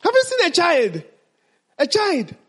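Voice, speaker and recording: A man's voice: very high-pitched, wildly swooping pitch, measured pace. A man teaching mindfulness to an audience, asking them questions and then answering them himself.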